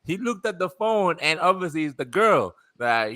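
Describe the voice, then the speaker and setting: A man casually telling an animated story about a delivery, laughing and swearing as he goes. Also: fairly high pitch, normal speed, no echo. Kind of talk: casual chat.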